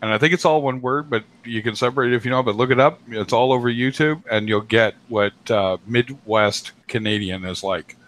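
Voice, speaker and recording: A man's voice: medium pitch, brisk, few pauses, fairly bright tone, slight background noise. A man hosting a live stream who chats casually, jokes and swears freely on a home computer mic. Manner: loose, jokey, swears freely. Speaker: stream host. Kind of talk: casual chat.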